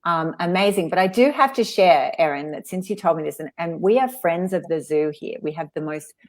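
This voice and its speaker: A woman's voice: on the low side, lively intonation. A woman, hosting a casual interview and telling a story in a chatty way. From Australia. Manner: chatty, with fillers and quick asides. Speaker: host.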